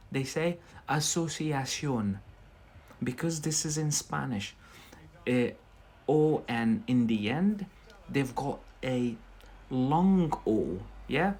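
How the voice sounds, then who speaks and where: A man's voice: medium pitch, darkish tone, slightly rough. A man teaching an English lesson on a live stream, chatty and often checking in with a questioning "yeah?". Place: in Scotland.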